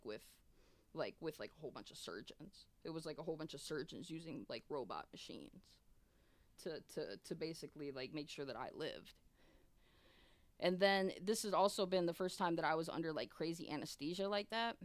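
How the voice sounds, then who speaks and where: Husky-free smooth low-voiced woman streamer. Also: no echo. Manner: rambling, profane, animated storytelling with many restarts. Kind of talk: casual storytelling on stream.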